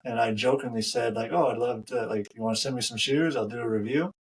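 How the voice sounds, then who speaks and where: A man's voice: medium pitch, quick pace, breathy edge, low-quality recording. A man co-hosting a running podcast in casual chat, jokey and easily sidetracked, often trailing off mid-sentence. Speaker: podcast co-host.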